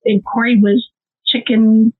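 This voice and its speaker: A woman's voice: a little high, unhurried, noisy background. Middle-aged Midwestern American woman telling a story over a tinny line. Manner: animated storyteller, laughing through her story. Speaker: nonprofit co-founder; guest. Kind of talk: emotional storytelling. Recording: tinny phone-like call audio.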